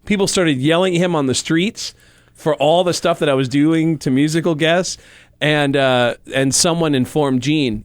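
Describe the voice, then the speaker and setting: A male comedian and impressionist telling anecdotes in animated, quick casual storytelling. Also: a little high, no room sound.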